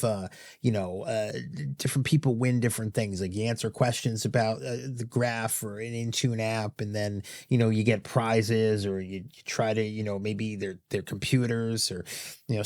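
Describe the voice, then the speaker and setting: A man's voice: fairly low pitch, no echo. A man hosting a tech tutorial in a loose, rambling way, full of "you know"s and "uh"s. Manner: rambling, filler-heavy, with many "you know"s and "uh"s. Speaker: tech YouTube host. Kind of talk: casual tutorial talk.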